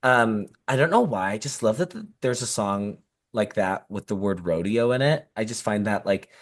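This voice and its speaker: A woman with a rumbling low, expressive voice speaks at a normal pace. She's co-hosting a pop music podcast, chatting casually and enthusiastically with plenty of fillers.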